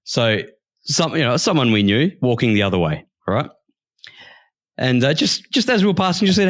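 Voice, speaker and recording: A man's voice: medium pitch, very animated, brisk, no room sound, studio quality. An Australian man co-hosting a podcast, rambling and repeating himself in casual chat. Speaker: podcast co-host.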